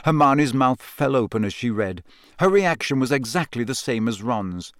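A man narrating an audiobook in a measured storytelling manner. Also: mid-range voice, expressive, fairly bright tone, dry recording, studio quality.

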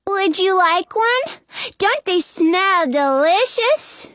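A woman's voice: extremely high pitch, lively intonation, slow pace, a bit bright, no room sound, pitched above the performer's own voice, exaggerated voice. A woman voicing a wicked queen disguised as a harmless little girl, sugary and falsely innocent. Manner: sugary fake-innocent, turning spiteful. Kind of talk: audiobook character reading.

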